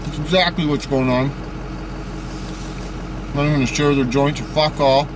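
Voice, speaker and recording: Dude cursing nonstop while he drives, kinda high voice, loud road noise in the car. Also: fairly even intonation, normal speed. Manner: swears constantly, slangy and joking. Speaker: vlogger. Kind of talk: casual driving vlog. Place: inside a moving car.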